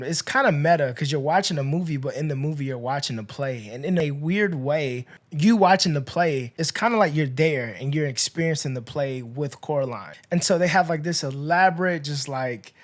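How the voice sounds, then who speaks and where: A man hosting a podcast, casually retelling a movie's plot in a chatty, rambling way, full of "you know" and "like", with his voice rising and dropping in loudness. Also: a little high. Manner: chatty, filler-heavy storytelling with swings in loudness. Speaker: podcast host.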